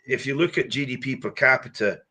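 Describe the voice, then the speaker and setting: A Scottish man, a guest politician, talking in a political interview over a video call, hesitant and halting with repeated words. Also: medium pitch, pushed and bright, breathy edge. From Scotland.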